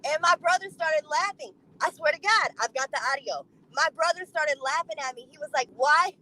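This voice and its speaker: High-voiced blunt woman vlogger. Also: a little fast, bright, forceful tone, low-quality recording. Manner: blunt and profane, emphatic storytelling. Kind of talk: casual monologue to camera.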